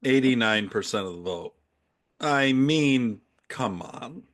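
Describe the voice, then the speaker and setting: Male host, middle-aged, wry and opinionated, mid pitch, dry room. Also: animated, slow pace, fairly bright tone, dry recording. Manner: wry, sarcastic, laughs often. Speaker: podcast host. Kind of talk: casual opinionated chat.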